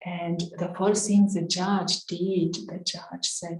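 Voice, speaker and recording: A woman giving an earnest, measured spiritual talk, telling a story with some uh and um fillers. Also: fairly low pitch, little pitch movement, darkish tone. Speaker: spiritual teacher. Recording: roomy echo.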